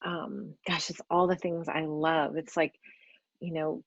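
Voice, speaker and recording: Low-voiced woman, gentle and encouraging. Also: level tone, no echo. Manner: gentle, encouraging, many ums and pauses. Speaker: astrologer and podcast host. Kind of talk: casual spoken astrology reflection. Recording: slightly dull, dry recording.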